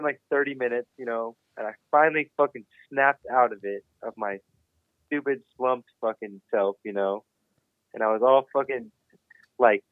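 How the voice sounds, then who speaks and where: A young BMX rider, guesting on a podcast, tells a story in a mid-range voice, swearing constantly and dramatizing it with animated energy. The sound is dry and narrow, thin like a phone line, with no room sound at all.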